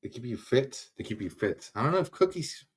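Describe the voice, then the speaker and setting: With a mid-range, breathy voice that swings widely in pitch, a man talks a little fast while hosting a casual livestream. He greets viewers by name, laughs easily, and keeps trailing off and restarting.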